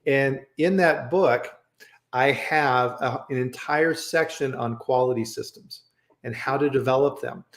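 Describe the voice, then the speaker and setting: A man's voice: medium pitch, a little slow. Talkative man on an echoey video call. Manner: animated storyteller, repeats "right?". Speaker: host. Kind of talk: casual live-stream chat. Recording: roomy echo.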